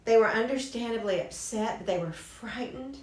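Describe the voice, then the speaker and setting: A woman's voice: a little high, normal speed, darkish tone. A woman teaching a Bible lesson in a conversational way, restarting phrases and adding asides. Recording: roomy church classroom.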